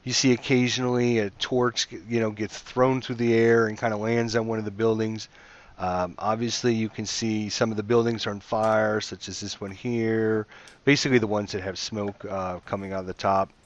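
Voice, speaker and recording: A man's voice: on the low side, flat delivery, normal speed, dull audio. A man acting as game master, narrating a tabletop game in a rambling way, full of fillers and restarts, over a computer mic. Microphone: computer mic over voice chat.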